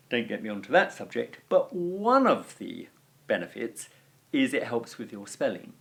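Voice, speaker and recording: A man's voice: mid-range voice, wildly swooping pitch, moderate pace, vocal fry. A man teaching a Latin lesson on video, explaining step by step with chatty fillers.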